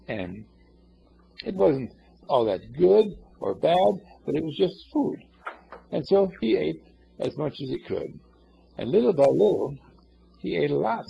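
Man, storyteller, husky, gravelly, lo-fi. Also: mid-range voice, animated, a little slow, warm tone. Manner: folksy, meandering, talks to listeners. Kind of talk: casual oral storytelling. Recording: dull lo-fi recording.

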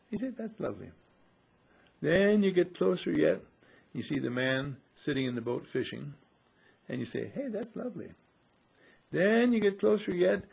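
A man giving a slow, musing spiritual teaching to a group, repeating and correcting himself and acting out his listeners' voices. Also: medium pitch, gravelly, breathy edge. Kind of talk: metaphysical teaching talk to a group.

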